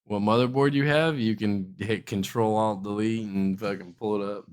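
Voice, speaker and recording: A woman's voice: a bass voice, fairly even intonation, moderate pace, darkish tone, clean tone. A woman co-hosting a casual podcast, teasing, blunt and sarcastic, with casual swearing. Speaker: podcast co-host.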